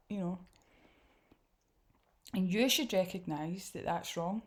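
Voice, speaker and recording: A woman's voice: fairly low pitch, slow pace, long pauses. Indignant Scottish woman commenting. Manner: indignant, candid, swears. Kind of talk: reaction commentary.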